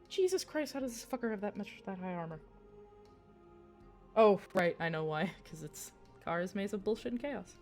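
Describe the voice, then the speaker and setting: A woman narrating a tabletop game as game master, casual and swearing freely. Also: medium pitch.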